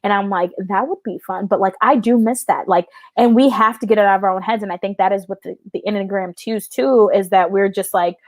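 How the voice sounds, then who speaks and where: Chatty woman in her 30s, says like constantly, swears a bit, middle pitch, dry sound. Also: steady tone, fairly quick, few pauses, no room sound. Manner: chatty, fills every sentence with "like"; frank and swears casually. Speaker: interview guest. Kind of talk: casual storytelling chat.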